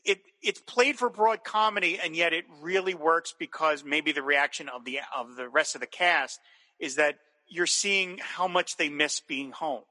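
A man's voice: a little high, moderate pace, bright, forceful tone, long reverb tail. A man co-hosting a podcast, chatting casually and enthusiastically about a TV episode, with rambling restarts. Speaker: podcast co-host. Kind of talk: casual chat recapping a TV episode.

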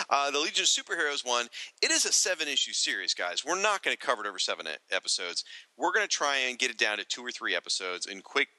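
A man co-hosting a podcast reads listener feedback aloud in casual chat, adding joking asides to the audience. His mid-range voice has a sharp tone, with no echo but low recording quality.

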